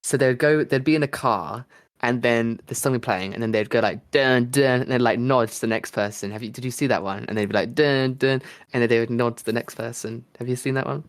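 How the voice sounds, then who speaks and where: A man co-hosts a casual podcast, talking at an ordinary middle pitch. He rambles and jokes, restarting sentences and filling gaps with ums. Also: fast. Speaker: podcast co-host.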